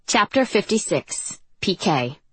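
A woman narrating a first-person audiobook in an even, reflective reading voice. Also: medium pitch, slow, breathy edge, no room sound.

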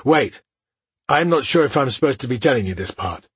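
A man's voice: medium pitch, lively intonation, brisk, husky, dry recording. A man voicing a drunk, disgraced old male knight who rambles and hiccups. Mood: rambling.

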